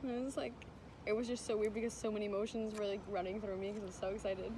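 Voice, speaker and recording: A woman's voice: medium pitch, racing. A young woman vlogger telling a story in casual chat, acting out what people said. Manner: animated storytelling, acting out quotes. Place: vacation house near a beach. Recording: noisy background.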